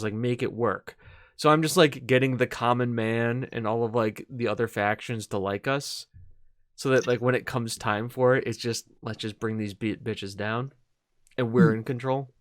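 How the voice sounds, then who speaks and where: A man's voice: medium pitch, moderate pace, fairly bright tone, no room sound, studio quality. A man co-hosting a casual video game podcast, talking in a rambling, hesitant way with lots of fillers and restarts. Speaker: podcast co-host. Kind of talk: casual gaming podcast chat.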